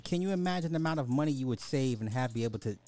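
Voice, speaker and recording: A man's voice: mid-range voice, expressive, racing, mellow, faint music behind. A man hosting a podcast, ranting bluntly in casual social commentary, full of profanity and sarcastic apologies. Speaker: podcast host.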